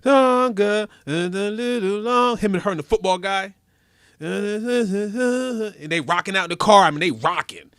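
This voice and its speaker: Excitable guy co-hosting a radio show, high sharp voice, always teasing and laughing. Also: measured pace, clear, resonant tone, no room sound, clean studio sound. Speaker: radio co-host. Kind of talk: casual radio chat.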